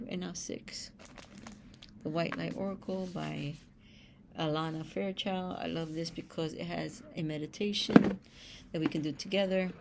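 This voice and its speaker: This woman's voice is lowish, gravelly and a little mellow, heard over slight background noise. On her spiritual show she reads the text of oracle cards aloud, then cuts in with blunt, streetwise remarks full of casual swearing.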